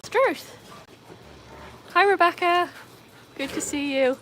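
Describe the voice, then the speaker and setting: A woman's voice: extremely high pitch, slow pace, fairly bright tone, a little hiss or hum, pitched above the performer's own voice, heavily acted, low-quality recording. A woman putting on an exaggerated mock Australian accent, tossing out slang in fun. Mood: playful. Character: jokey over-the-top Australian-talking woman.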